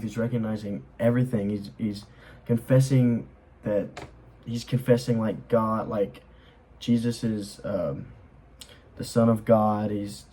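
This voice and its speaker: A man's voice: on the low side, mellow, a little hiss or hum, low-quality recording. A young man explaining a Bible chapter in a casual, earnest way, rambling with lots of fillers as he reads and comments. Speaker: Bible study host.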